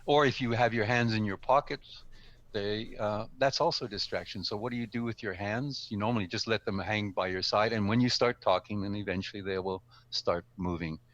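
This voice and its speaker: In a live stream studio or room, an older speaking coach appearing as a guest talks through speaking tips in a loose, chatty way, stumbling into ums and correcting himself. He speaks briskly in a lowish, slightly bright voice, and the recording is muffled.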